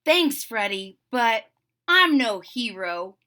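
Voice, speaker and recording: A woman voicing a gentle, modest young female puppy in a storybook read-aloud, speaking softly. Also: a little high, big pitch swings, slow pace, full character voice. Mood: modest cheerful. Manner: soft-spoken, modest.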